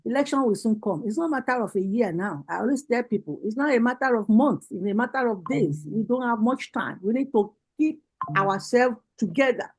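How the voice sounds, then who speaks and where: Over a video call, a Nigerian woman who leads her party's women gives a rallying political speech, repeating impassioned calls to action. Her voice is a little high, animated and brisk with a breathy edge, and the recording is low quality.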